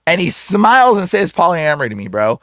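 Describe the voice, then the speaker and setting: A man, an exorcist guest, telling a story in casual, excitable slang full of "like" and "bro". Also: high voice, a little fast, dry recording, clean studio sound.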